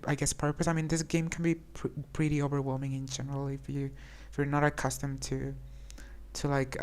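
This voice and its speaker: A woman talks casually while playing a game, low in pitch. She is chatty and hesitant, often restarting her sentences. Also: a little mellow. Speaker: streamer. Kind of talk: casual gameplay commentary.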